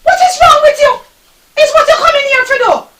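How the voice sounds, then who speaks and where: A woman's voice: very high voice, animated, moderate pace. A woman with a Jamaican accent playing a scheming girlfriend who nags and gives orders in patois. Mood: pushy. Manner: nagging, commanding, in patois. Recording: roomy, distant, faint noise.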